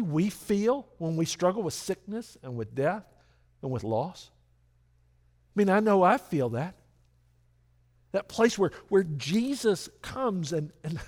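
A middle-aged man preaching a sermon as pastor, earnest and lively, with frequent restarts. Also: a little high.

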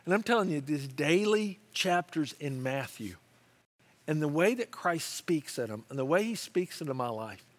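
A middle-aged male pastor delivers a sermon, telling stories with animation and acting out the voices of the people he quotes. His voice is a little high, and he speaks at a moderate pace.

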